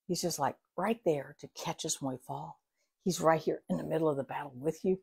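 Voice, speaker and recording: Husky-voiced woman giving an earnest devotional. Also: low-pitched, brisk. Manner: earnest, expressive, drops to soft whispers. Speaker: devotional host. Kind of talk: morning devotional talk.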